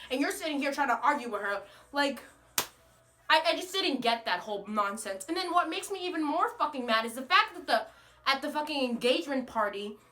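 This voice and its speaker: A young American woman vents on camera in a loose, swear-heavy rant. Her voice sits high and bright, and she sounds exasperated throughout. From United States. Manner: animated, profane, exasperated. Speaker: vlogger. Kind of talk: ranting casual monologue.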